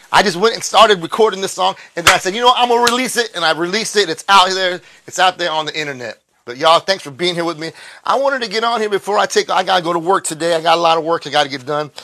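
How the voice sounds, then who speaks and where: A man, chatting loudly and excitedly on a phone live stream. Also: sits high. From Texas. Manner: excitable, loud and chatty, drawling. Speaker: livestream host and musician. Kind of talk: casual live stream chat.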